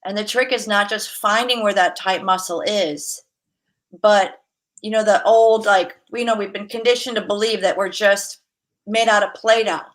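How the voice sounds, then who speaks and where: In a casual interview, a female massage therapist speaks at a moderate pace in a mid-range voice. She spins lively anecdotes, laughing often and voicing the quotes herself.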